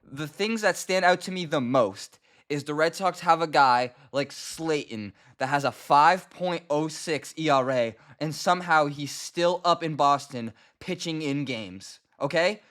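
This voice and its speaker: An emphatic young man delivers a casual ranting commentary as a channel host. His voice sits a little higher than most men's. He sounds fed up and keeps hammering the same points. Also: measured pace, fairly bright tone. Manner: exasperated, emphatic, repeats himself. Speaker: host of a fan sports channel.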